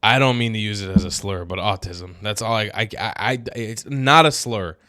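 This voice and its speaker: A man hosting opinionated political commentary, cursing freely and swinging from flat asides to loud, exasperated outbursts. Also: fairly low pitch, moderate pace, clean tone.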